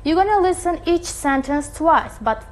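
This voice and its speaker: A woman teaching an online English listening lesson, speaking deliberately and often checking in with her students. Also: sits high, expressive, low-quality recording. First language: Turkish. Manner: slow, deliberate teacher talk with frequent checks.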